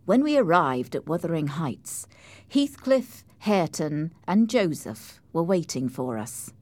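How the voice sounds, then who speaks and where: A woman narrating an audiobook in a clear, measured storytelling manner, close to the mic. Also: low-pitched, big pitch swings, a little mellow, no echo.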